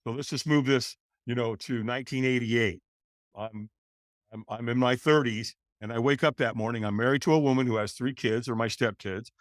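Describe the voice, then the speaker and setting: A man's voice: medium pitch, moderate pace, no room sound, clean studio sound. Older man telling his story animatedly. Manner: animated, acts out voices in his stories. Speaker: guest. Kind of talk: storytelling interview.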